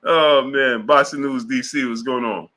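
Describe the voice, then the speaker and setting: Hosting a boxing livestream, a man casually reads chat messages, laughing hard with drawn-out exclamations and playful voices for the quoted lines. His mid-range voice is steady and sharp in tone.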